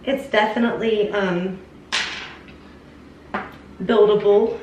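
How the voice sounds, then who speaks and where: A woman's voice: medium pitch, steady tone, slow pace, recorded from a distance, lo-fi sound. A young woman casually reviewing makeup for her channel, chatty and enthusiastic, talking straight to her viewers. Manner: chatty, enthusiastic, addresses viewers as "you guys". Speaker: beauty vlogger. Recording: echoey room, voice a little off-mic, faint hiss.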